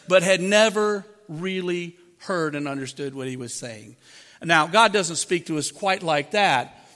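Pastor, male, high-pitched voice, preaches conversationally with rhetorical questions, miked, long hall reverb. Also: sharp tone. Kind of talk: sermon. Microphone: microphone.

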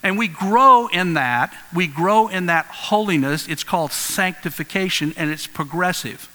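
Earnest male preacher, bright voice, conversational sermon, reverberant church. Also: sits high, measured pace. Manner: earnest, conversational, animated storytelling. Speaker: pastor. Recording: long hall reverb.

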